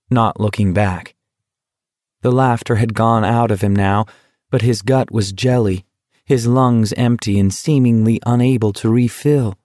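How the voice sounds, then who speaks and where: A man reading an audiobook in steady, measured scripted narration. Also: on the low side, no echo, clean studio sound.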